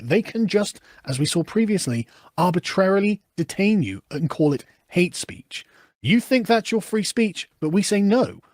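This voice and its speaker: Male political commentator, high lively voice, quick sarcastic rant, dry close sound. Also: dry recording. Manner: fast, animated, sarcastic, swears and laughs often. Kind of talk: reaction commentary on news clips.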